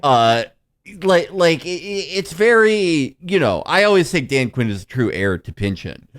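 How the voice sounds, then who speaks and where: A man on a podcast, stammering into excitable tangents in casual comic chat. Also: on the high side, measured pace. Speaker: podcast co-host. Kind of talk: casual comedic film review chat.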